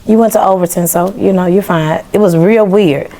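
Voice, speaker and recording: A woman's voice: lowish voice, a little fast. A young woman from Memphis, a podcast guest telling her story in casual chat and acting out the dialogue. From Memphis, Tennessee. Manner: animated, acts out quoted dialogue.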